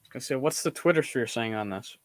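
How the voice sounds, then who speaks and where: A man's voice: medium pitch, expressive, fast talker, no room sound. A man hosting a casual sports stream, laughing easily and reacting to plays as they happen. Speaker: stream host.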